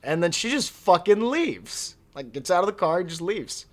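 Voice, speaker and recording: A man's voice: high voice, big pitch swings, normal speed, fairly bright tone. A young man in his early twenties telling a story from his teens in a casual, profane, laughing way, full of slang. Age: young adult. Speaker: vlogger.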